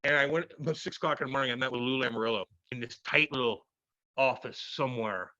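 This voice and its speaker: A man in his thirties, a former hockey player, telling stories loudly and profanely in a casual interview. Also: mid-range voice, fast, no echo, muffled recording. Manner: loud, profane, animated storytelling.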